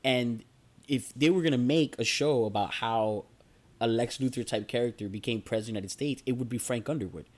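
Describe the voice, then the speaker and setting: A man's voice: mid-range voice, fairly quick. A man co-hosting a casual chat, talking enthusiastically and rambling with restarts.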